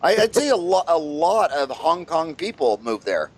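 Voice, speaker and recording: A man's voice: a little high, very animated, normal speed. A man hosting an interview podcast, chatting casually and telling rambling jokey stories full of fillers. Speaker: podcast host.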